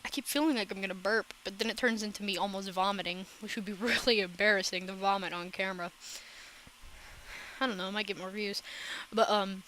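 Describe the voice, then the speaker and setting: A woman's voice: mid-range voice, steady tone, bright, forceful tone, slight background noise, poor audio. A woman chatting casually in a rambling, profane reaction vlog. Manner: rambling, profane, quick asides. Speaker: reaction vlogger.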